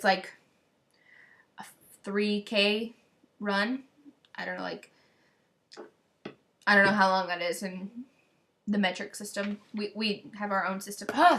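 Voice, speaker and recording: A teenage girl from the United States talks straight to her camera in a bubbly, rambling way. She jumps between thoughts and circles back to correct herself. Her pitch sits in a middling range for a woman. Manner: excited, rambling, scattered. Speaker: vlogger. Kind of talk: casual chat to camera.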